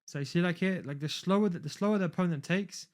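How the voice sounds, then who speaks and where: A man's voice: high-pitched, quick pace, darkish tone. Chatty man coaching gameplay. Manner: rambling, chatty, talks while playing. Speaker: video game coach. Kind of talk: casual gameplay tutorial commentary.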